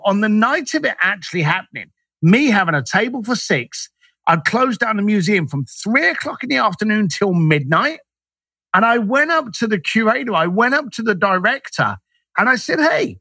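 An interview guest of Irish origin, raised in East London, tells stories animatedly and acts out the dialogue he quotes. His high voice is bright, husky, and forceful, recorded with no echo.

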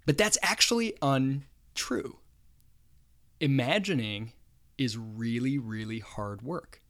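A man's voice: medium pitch, slow, fairly bright tone. A man hosting his own podcast, talking casually and thinking aloud, with frequent chuckles. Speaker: podcast host. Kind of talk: solo podcast monologue.

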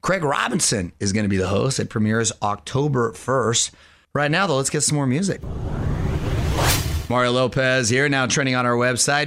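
Lively, animated male radio host. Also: medium pitch. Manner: lively, animated storytelling with laughs. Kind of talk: casual radio chat.

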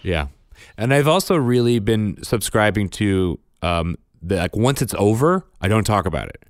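A man's voice: fairly low pitch, animated, normal speed, no room sound, clean studio sound. A man, a father, telling a parenting story in casual chat, matter-of-fact in tone. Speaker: podcast co-host and father.

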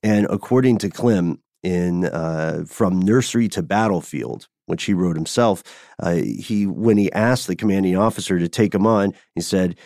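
A man's voice: low voice, moderate pace, a little mellow, dry recording, clean studio sound. A man co-hosting a podcast, telling a history story in a conversational, playful way. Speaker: podcast co-host. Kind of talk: casual chat.

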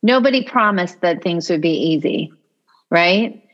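Female co-host, mid pitch, thoughtful explainer, slightly muffled audio. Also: animated, unhurried, fairly bright tone. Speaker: podcast co-host. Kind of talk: casual motivational chat.

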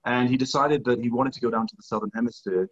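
A man in conversation telling a long story with lively acted-out quotes. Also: mid-range voice, quick pace, lo-fi sound. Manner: animated, acts out quoted dialogue. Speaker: guest, skier.

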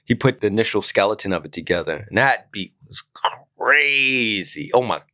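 Bright, animated male storyteller. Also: lowish voice, moderate pace, dry recording, clean studio sound. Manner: animated, laughs often, acts out voices of others. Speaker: podcast guest, music producer. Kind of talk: casual storytelling.

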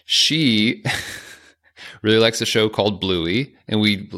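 Bright-toned man co-hosting a podcast. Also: fairly low pitch, slow pace. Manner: joking, chatty, self-aware asides. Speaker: podcast co-host. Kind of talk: casual podcast chat.

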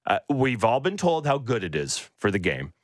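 A man hosting a morning sports radio show, chatty and playful, now and then mocking others in high voices. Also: wildly swooping pitch, moderate pace, no echo, clean studio sound. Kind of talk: animated sports radio chat. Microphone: studio microphone.

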